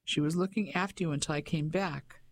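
A man reading aloud, voicing a brash young mother with a high, gushing voice that turns cold and defiant. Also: fairly quick.

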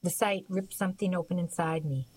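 A woman narrating an audiobook in a measured, even storytelling manner. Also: on the low side, slightly rough, low-quality recording. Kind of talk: scripted narration.

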